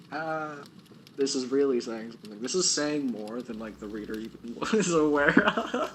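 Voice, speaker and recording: A man's voice: mid-range voice, lively intonation, moderate pace. A man reading his own novel aloud on a stream, chuckling at his own writing and stopping to comment on it. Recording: noisy background hiss.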